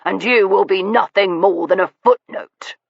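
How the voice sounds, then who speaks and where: A woman's voice: mid-range voice, a little slow, vocal fry, no echo, voice pushed up. A woman voicing a pompous, short-tempered baronet with an indignant, puffed-up manner, in a dull recording. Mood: blustering. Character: pompous blustering baronet, quick to anger.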